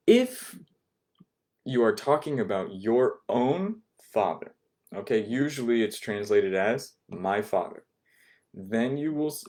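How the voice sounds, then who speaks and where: Low, mellow-voiced man teaching a language class. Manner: patient, repeats words and checks with "okay?".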